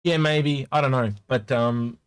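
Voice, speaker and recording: A man's voice: mid-range voice, fairly even intonation, measured pace, clear, resonant tone, no echo. A man chatting casually as a podcast co-host, rambling with lots of restarts. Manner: rambling, many restarts, acts out quoted voices. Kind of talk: casual chat.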